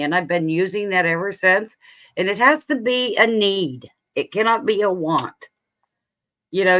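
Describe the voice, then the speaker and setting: A woman's voice: lowish voice, sharp tone, dull audio. A woman hosting a casual livestream, speaking earnestly about her faith and laughing easily. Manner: earnest, sharing personal faith, breaks into laughs. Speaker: livestream host.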